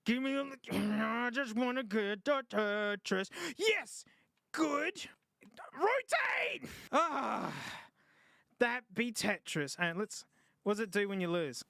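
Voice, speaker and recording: A man's voice: sits high, normal speed, vocal fry, a bit bright, clear, resonant tone, no echo. A man doing casual, jokey live-stream gaming commentary, yelping and groaning at the game as he plays.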